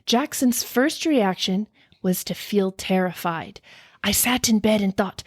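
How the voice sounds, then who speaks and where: A woman co-hosting a podcast, chatting casually and reading a ghost story aloud with dramatic hushed stretches. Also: medium pitch, takes it slowly, no room sound, clean studio sound. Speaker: podcast co-host.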